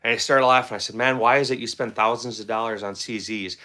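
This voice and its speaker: Middle-aged male host, bright tone, rambling casual storyteller who repeats himself. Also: mid-range voice, fairly quick, few pauses. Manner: rambling, repeats words, conversational. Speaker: firearms channel host.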